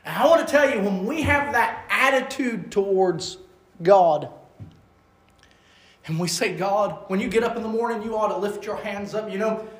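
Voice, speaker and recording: High-voiced fervent male preacher. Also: normal speed. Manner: fervent, rising to loud bursts then dropping soft. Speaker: evangelist preacher. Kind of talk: sermon. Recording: echoey room.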